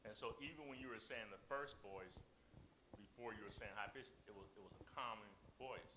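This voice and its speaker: A man leading a church marriage session, teaching the congregation in a lively, questioning way and acting out how people talk. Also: fairly low pitch, a little fast, background noise. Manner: animated, acts out quoted speech in sharp voices.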